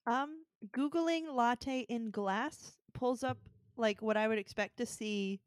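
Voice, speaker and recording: A woman's voice: on the high side, slow pace, no echo, clean studio sound. A woman co-hosting a podcast, reacting playfully and laughing easily. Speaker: podcast co-host. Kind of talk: casual chat.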